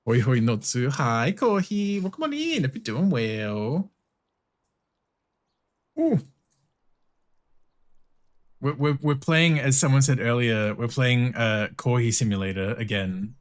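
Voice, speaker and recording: A man's voice: medium pitch, slow, pauses often. A man streaming a video game, chatting casually, swearing often, laughing and greeting viewers in chat. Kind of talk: casual commentary while playing.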